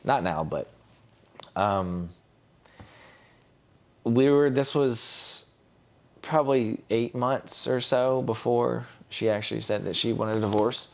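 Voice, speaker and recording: A young man with a gravelly, fry-edged voice talks as a podcast guest. He tells a personal story candidly and acts out the lines of others as he goes. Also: mid-range voice, slow pace, long pauses. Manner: candid, retells scenes with quoted voices. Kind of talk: casual storytelling.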